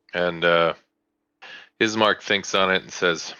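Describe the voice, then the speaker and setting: Low, bright-voiced male game master. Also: steady tone, smooth, no room sound, lo-fi sound. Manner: casual, halting narration. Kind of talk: narrating a tabletop game.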